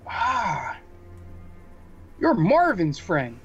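A man's voice: sits high, wildly swooping pitch, extremely slow, pitched above the performer's own voice, heavily acted. A man voicing a commanding, horned, eye-patched devil lord in a tabletop game, speaking in a drawling manner. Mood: sly. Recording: dull muffled sound with faint music.

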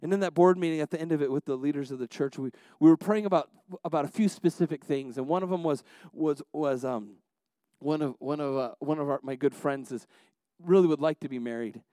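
Higher-voiced male pastor preaching. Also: fairly quick, no echo. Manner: storytelling, many restarts, swings between soft asides and rising exhortation. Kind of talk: sermon.

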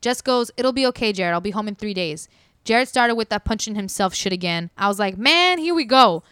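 A woman's voice: medium pitch, brisk, clean tone, no room sound, studio quality. A woman telling a story casually and animatedly, acting out what people said. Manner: animated, acts out quotes. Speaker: podcast storyteller.

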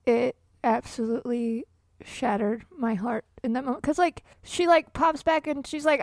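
Young woman, high voice, expressive, casual podcast chat. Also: measured pace, no room sound. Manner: warm, expressive reactions with laughter. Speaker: podcast co-host. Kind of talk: casual movie discussion.

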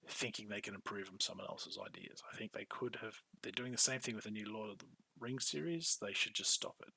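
Bright, husky-voiced man in casual chat. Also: on the low side, no echo, low-quality recording. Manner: animated, acts out characters' lines in quick bursts; swears freely. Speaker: podcast co-host.

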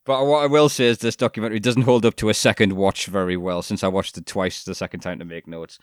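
A man's voice: lowish voice, fairly even intonation, fast, no echo, clean studio sound. A young man, co-hosting a podcast in casual chat, rambling, laughing and swearing. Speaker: podcast co-host.

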